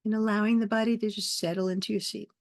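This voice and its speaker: A woman teaching a meditation class over a video call, guiding the group with soft, soothing phrases and pauses. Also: mid-range voice, little pitch movement, no room sound, clean studio sound.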